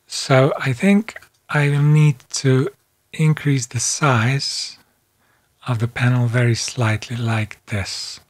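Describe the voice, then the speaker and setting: A man calmly narrating a screen-recorded software tutorial, step by step. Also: medium pitch. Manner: calm, step-by-step, unhurried. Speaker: software instructor.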